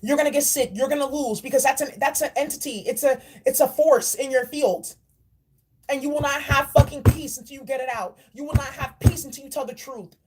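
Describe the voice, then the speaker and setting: A woman's voice: high-pitched, fairly quick, a little mellow. A woman giving a spiritual oracle card reading in a blunt, preachy and profane way. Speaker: spiritual reader.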